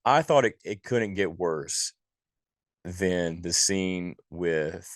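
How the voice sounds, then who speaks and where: A man's voice: sits low, slow. A man co-hosting a podcast, giving an exasperated, profane movie review in casual chat. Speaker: podcast co-host.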